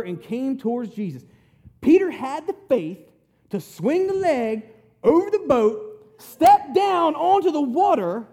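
A man's voice: very high-pitched, dark tone. A man preaching a conversational sermon, retelling scripture in plain, folksy, emphatic words.

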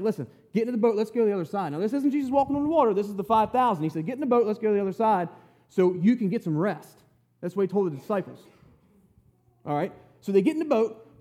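A man leads a relaxed Bible study into a close microphone. His voice sits high and mellow, and his pitch swings widely as he talks. He often pauses to check in with the people listening. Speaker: Bible teacher. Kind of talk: conversational Bible teaching. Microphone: handheld or stand mic at close range.

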